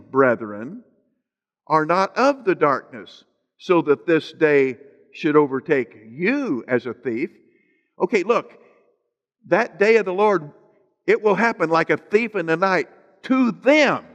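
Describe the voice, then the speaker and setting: A man's voice: high voice, fairly bright tone. A man preaching a sermon as pastor, stretching out scripture phrases for emphasis and slipping in joking asides to the congregation. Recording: long hall reverb.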